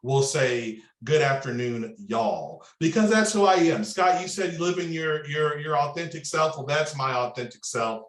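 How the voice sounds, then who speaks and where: A man in his thirties with a Southern Indiana accent, telling stories as a panelist in a discussion, animated and drawling. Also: on the high side, moderate pace, hardly any pauses, echoey room. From Southern Indiana, USA. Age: 30s. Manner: animated, drawling, repeats words when starting.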